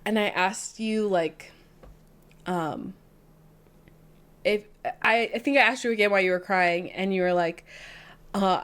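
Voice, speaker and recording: A woman's voice: mid-range voice, normal speed, pauses often, smooth. Giggly woman telling a story. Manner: animated, laughs often while telling a story. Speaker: podcast co-host. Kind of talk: casual storytelling chat.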